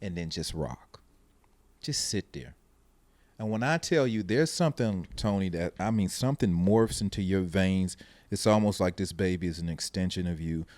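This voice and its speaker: This podcast host has a low voice and a moderate pace, with no room sound. In casual chat he tells stories as an animated storyteller, acting out what people said.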